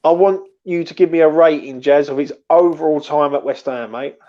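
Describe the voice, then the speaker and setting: A man's voice: a little high, a little fast, dark tone. A man hosting a casual football podcast, easygoing and agreeable as he moves the talk on to the next player. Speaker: host. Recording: dull lo-fi audio.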